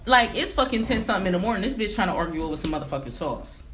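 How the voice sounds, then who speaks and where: A woman's voice: medium pitch, racing, a little hiss or hum. A young adult woman telling a story in a casual vlog at home, ranting emphatically with lots of swearing. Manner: animated, profane, emphatic ranting. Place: home game room.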